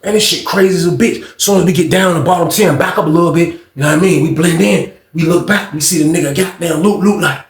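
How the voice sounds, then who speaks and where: A man telling a story in casual speech, animated, acting out quotes in a raised voice. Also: fairly high pitch, fast talker, hardly any pauses. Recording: echoey room.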